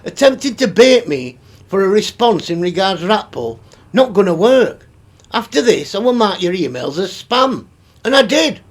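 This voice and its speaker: Speaking at normal speed in a high, sing-song voice, this middle-aged YouTube commentary host is clearly exasperated. His vlog rant is full of swearing, with laughter between his remarks.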